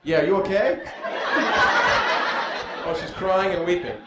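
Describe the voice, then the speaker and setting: A man's voice: sits high, fairly even intonation, takes it slowly. A male stand-up comedian performing a live set, riffing with and teasing the audience from a comedy club stage. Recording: echoey archival club recording with loud crowd noise. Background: audience laughter.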